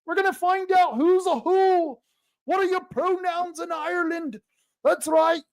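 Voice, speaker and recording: A man's voice: very high voice, unhurried, pitched above the performer's own voice. A man putting on a jolly mock-Irish man with a sing-song, mocking lilt. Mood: mocking, merry.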